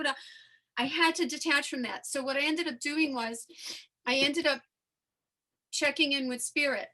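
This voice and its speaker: Bright high-voiced woman telling a story. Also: normal speed. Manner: animated, emotional storytelling. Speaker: host. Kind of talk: casual spiritual conversation, personal storytelling.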